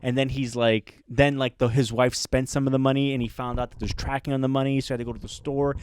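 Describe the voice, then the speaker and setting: A man's voice: mid-range voice, flat delivery, fast talker, darkish tone, clear, resonant tone. Rambling young man telling stories. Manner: rambling storyteller, many restarts and laughs. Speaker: podcast co-host. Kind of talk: casual chat.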